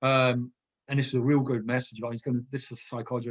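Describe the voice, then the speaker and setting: A man's voice: mid-range voice, little pitch movement, racing. A man, a former footballer telling rambling anecdotes in a casual chat. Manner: rambling anecdotes, digresses, laughs often.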